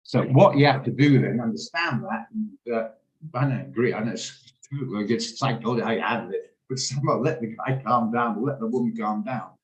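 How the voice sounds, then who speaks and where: A man's voice: on the low side, moderate pace. Emotional, rambling male host on a video call, in a roomy space. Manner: emotional, rambling, rants and laughs. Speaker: trading room host. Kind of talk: casual talk on a video call. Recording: echoey room on a video call.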